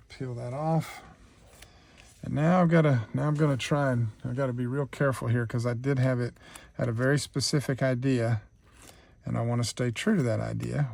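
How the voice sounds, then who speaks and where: A man's voice: medium pitch, gravelly, a little mellow. A man hosting a real-time craft tutorial, chatting easygoing as he thinks aloud through each step.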